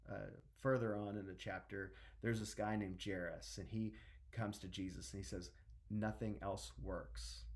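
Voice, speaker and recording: A middle-aged man preaching a sermon as a minister, talking conversationally with restarts and acting out the people in a story. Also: lowish voice.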